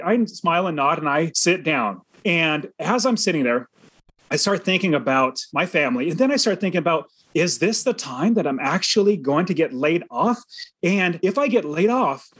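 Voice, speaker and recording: A man's voice: fairly high pitch, fairly bright tone, husky, no room sound. A man guest on a podcast, earnestly telling a vivid personal story in an interview. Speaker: podcast guest, real estate investor.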